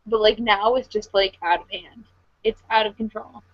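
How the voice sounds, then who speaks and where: A woman's voice: mid-range voice, fairly even intonation, moderate pace, no echo. Young female podcast co-host, casual, lots of likes, dull dry recording. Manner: filler-heavy, lots of "like" and "um". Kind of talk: casual chat.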